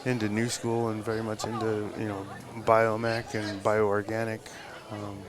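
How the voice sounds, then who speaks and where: A man's voice: on the low side, monotone, unhurried. Rambling, swearing man over crowd noise. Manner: rambling, full of fillers and profanity. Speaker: tattoo artist guest. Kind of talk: live podcast interview storytelling. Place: live event at a tattoo convention. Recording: loud crowd chatter at a live event.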